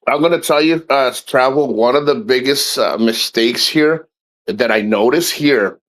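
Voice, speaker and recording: A man's voice: mid-range voice, measured pace, a bit bright. A man hosting a livestream, talking bluntly and profanely in a rambling, casual chat. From foreign man living in the Philippines. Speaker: host of a livestream.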